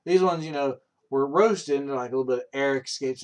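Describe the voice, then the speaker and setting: Expressive and fairly quick, with hardly any pauses, a man in his thirties speaks in a medium-pitched, darkish voice. He's chatting casually on a stream, rambling through profane stories full of ums.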